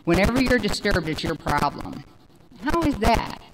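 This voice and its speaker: A woman in her forties giving a personal recovery testimony, rambling and animated, with many fillers. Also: medium pitch, normal speed, a loud crowd, rough recording. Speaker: speaker sharing recovery story.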